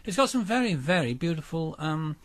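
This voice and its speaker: A man hosting a spoof radio arts show in a pompous, mock-serious manner, with many ums and halting restarts. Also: fairly high pitch, sing-song. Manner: pompous, hesitant, full of ums.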